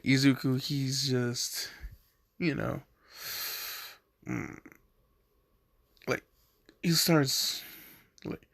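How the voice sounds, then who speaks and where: Slow, gravelly young man telling a fan story. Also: medium pitch, a bit bright, no echo, clean studio sound. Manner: rambling, filler-heavy, laughs at himself. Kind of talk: casual fan-fiction storytelling.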